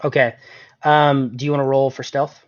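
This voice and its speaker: Here a man with a mid-range voice runs a tabletop game, his delivery flat and his speed normal. He's chatty, full of ums and frequent laughs, and the lo-fi audio sounds dull in a dry, echo-free room.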